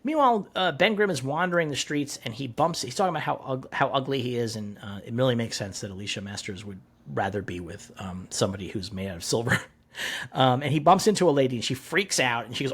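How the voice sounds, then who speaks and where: A man co-hosting a casual comic-book podcast. His voice is slightly husky and swings widely in pitch as he retells scenes. He swears freely and acts out the characters' quotes. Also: expressive, brisk, fairly bright tone. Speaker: podcast co-host.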